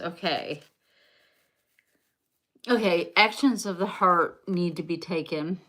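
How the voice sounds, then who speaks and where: A woman's voice: lowish voice, fairly bright tone, slight background noise. A woman with a Southern US accent giving a rambling, chatty live-stream tarot reading, talking straight to her viewers. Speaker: tarot reader.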